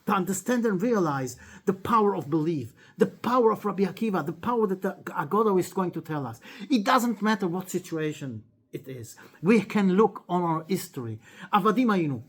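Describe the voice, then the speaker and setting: Animated man teaching a lesson. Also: breathy edge. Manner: animated storyteller, acts out dialogue with sharp pitch jumps; halting, frequent restarts and fillers. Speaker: rabbi teaching a weekly class. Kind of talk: animated Torah lesson with storytelling.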